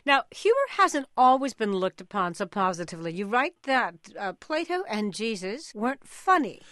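A woman hosting a public radio interview in a measured, conversational way. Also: medium pitch, big pitch swings, fairly bright tone, no echo, studio quality.

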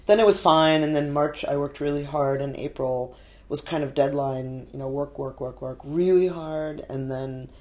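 A woman's voice: deep voice, moderate pace, darkish tone. Chatty laughing woman telling stories. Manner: chatty, laughs often, many fillers. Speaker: artist guest. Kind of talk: casual interview storytelling.

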